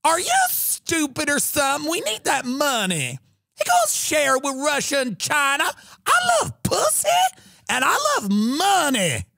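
A man's voice: extremely high pitch, wildly swooping pitch, unhurried, vocal fry, pushed and bright, no room sound, clean studio sound, voice pushed up, heavily acted. A man impersonating a greedy, blunt old Southern senator in a sassy drawl.

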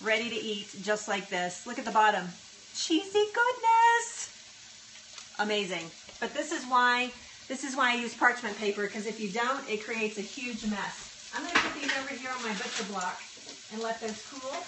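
Over a little hiss or hum, a woman with a higher voice speaks a bit fast as she streams live from her home kitchen. She's chatty and cheerful, speaking to the food and thanking viewers warmly, with the faint sounds of sizzling and stirring in the background.

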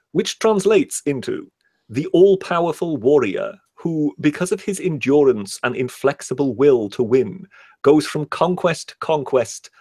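A British man co-hosting a casual livestream chat, talking hesitantly with many pauses and slowing down to read passages aloud. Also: mid-range voice, darkish tone, slightly rough, dry recording. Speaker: co-host.

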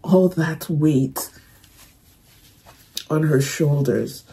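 A young woman casually talking through her reaction to a movie, emotional and soft-spoken, fond with her viewers. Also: sits low, extremely slow, creaky, slightly rough, poor audio.

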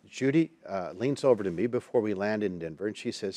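Animated man telling a story. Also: lowish voice, fairly quick, few pauses, no room sound. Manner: animated storyteller, acting out quoted people. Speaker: Christian counselor and minister, guest. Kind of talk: storytelling in a TV interview.

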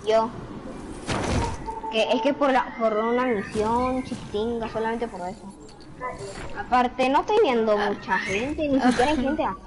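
A woman's voice: fairly high pitch, moderate pace, long pauses, rough recording. A woman chatting briefly with teammates over in-game voice chat. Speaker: online teammate.

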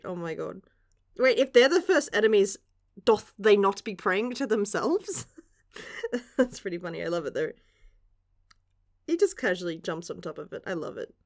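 A young woman reacting casually to a manga chapter, gushing and giggling, with casual swearing. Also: mid-range voice. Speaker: manga reviewer.

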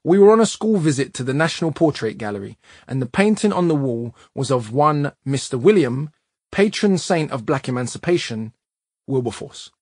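Man, audiobook narration, husky voice, medium pitch, emphatic, dry voice-over. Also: no echo. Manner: measured, emphatic reading. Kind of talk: audiobook reading of nonfiction.

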